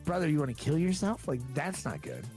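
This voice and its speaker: A man's voice: on the high side, huge pitch swings, a little fast, a little mellow, faint music behind. A man on a stream speaking in a mocking way, his voice swinging wildly up and down. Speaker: live streamer.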